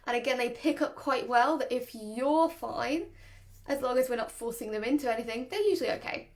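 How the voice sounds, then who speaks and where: A woman's voice: sits high, a little fast. A woman, a dog trainer, giving a chatty, casual lesson and often laughing. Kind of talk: casual instructional talk.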